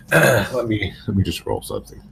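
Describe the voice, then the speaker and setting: A man narrating as dungeon master in a tabletop game, slow and dramatic. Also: fairly low pitch, huge pitch swings, creaky, slight background noise, rough recording.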